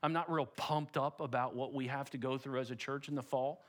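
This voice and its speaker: A man's voice: medium pitch, steady tone, brisk, fairly bright tone. A middle-aged pastor preaching a sermon in a church, direct and emphatic, putting rhetorical questions to his congregation. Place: church sanctuary.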